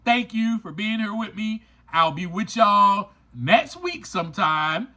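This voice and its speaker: Hosting a recovery podcast, a man talks informally and straight to his listeners, delivering a preachy, emphatic motivational monologue full of repeated lines for stress. His voice sits high and sounds pushed and bright, expressive and at a measured pace.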